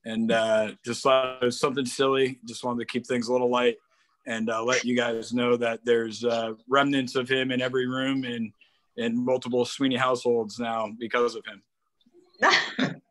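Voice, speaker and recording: A man's voice: medium pitch, level tone, normal speed, fairly bright tone. A young man from Connecticut telling a light, rambling memory on a video call.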